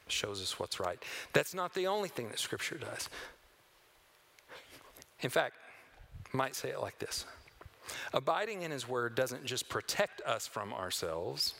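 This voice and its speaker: A man preaching a sermon as pastor, swinging between loud emphatic lines and hushed near-whispers. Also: fairly high pitch, creaky.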